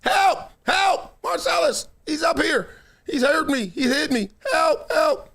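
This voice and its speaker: A man imitating a panicked woman who screams for help out of a window, shouting shrilly. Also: very high-pitched, expressive, slow, vocal fry, voice pushed up, heavily acted.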